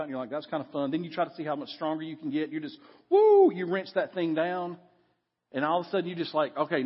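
A middle-aged man preaching a lively sermon in a church, dropping low for effect. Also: husky. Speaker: pastor. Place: church sanctuary. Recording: long hall reverb, dull lo-fi sound.

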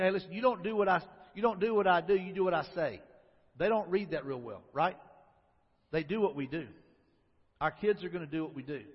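Pastor, man, high husky voice, chatty sermon full of questions to the room, lo-fi recording with long hall reverb. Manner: conversational preaching with rhetorical questions.

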